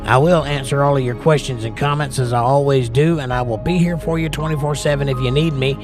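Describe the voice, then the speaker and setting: A man's voice: mid-range voice, steady tone, fairly quick, over music. A man hosting a casual livestream, reading viewer comments aloud in a folksy, drawling way. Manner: laid-back, folksy, drawling. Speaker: livestream host.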